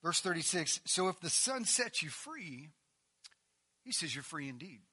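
Male preacher, high-pitched, brightly voiced, animated sermon delivery with rising emphasis. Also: measured pace, slightly rough. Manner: animated, reading scripture with rising emphasis and asides.

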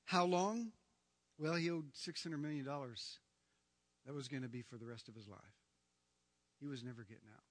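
A man preaching a sermon as pastor, emphatic, swinging from hushed lines to near-shouting. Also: mid-range voice, moderate pace, pauses often. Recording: long reverb of a large hall.

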